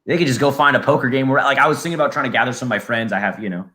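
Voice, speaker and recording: A man's voice: mid-range voice, racing, sharp tone. A man on a live podcast over a video call, rambling and often restarting his sentences. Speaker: podcast guest. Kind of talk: casual live podcast chat.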